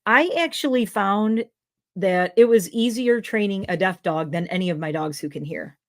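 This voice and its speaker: A woman's voice: mid-range voice, moderate pace. A woman hosting a casual livestream chat, a dog trainer who rambles with lots of fillers. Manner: rambling, filler-heavy talk. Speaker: livestream host.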